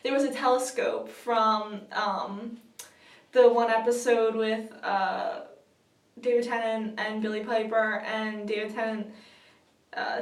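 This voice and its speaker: A young woman vlogger telling a story in a giggly, gushing way, full of fillers. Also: a little high. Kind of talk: excited casual storytelling. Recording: roomy, distant from the mic.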